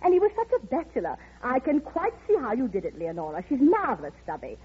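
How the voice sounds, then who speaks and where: A gushing, flighty society lady who talks in effusive, breathless rushes. Her voice sits high and swoops all over the place. The sound is dull, like an old radio broadcast. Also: wildly swooping pitch, slightly rough, heavily acted. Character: gushing flighty rich society woman, middle-aged. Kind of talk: 1930s radio acting.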